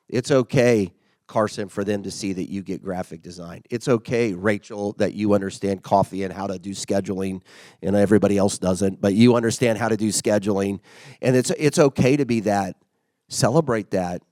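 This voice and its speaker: A man's voice: fairly low pitch, normal speed, warm tone, no echo. A middle-aged man giving a casual, conversational motivational talk as a workplace leader. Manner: conversational, acts out quoted remarks.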